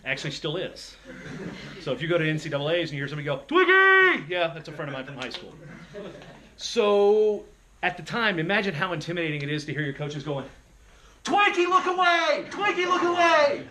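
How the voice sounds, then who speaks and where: A man telling self-deprecating stories to an audience in an animated, lively speaking style. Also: fairly high pitch, fast, a little hiss or hum. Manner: animated, self-deprecating, jumps into voices for quotes. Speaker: motivational speaker. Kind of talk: storytelling speech to an audience.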